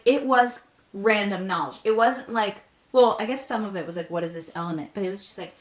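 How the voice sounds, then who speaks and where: Animated young woman in a roomy echo. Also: medium pitch. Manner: animated storyteller, acts out commercial voices. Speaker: podcast co-host. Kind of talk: casual nostalgic chat. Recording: roomy echo, backup audio.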